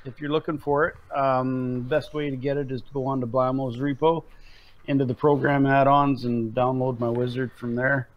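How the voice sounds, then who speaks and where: A man calling into a live stream, giving relaxed, matter-of-fact explanations. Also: medium pitch, normal speed, muffled recording. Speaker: guest on call. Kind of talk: casual live stream chat.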